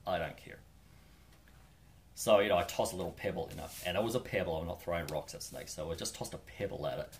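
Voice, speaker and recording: A man's voice: low voice, a little hiss or hum. A New Zealand man telling a laid-back, rambling, wry story from his long-distance hike. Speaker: hiker vlogger. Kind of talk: casual storytelling.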